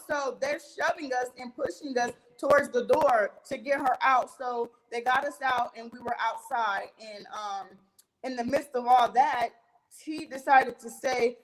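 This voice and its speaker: High-voiced woman telling a heated story. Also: moderate pace, rough recording. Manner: animated, acts out others' lines, swears freely. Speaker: interview guest recounting a reality-show fight. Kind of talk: casual storytelling.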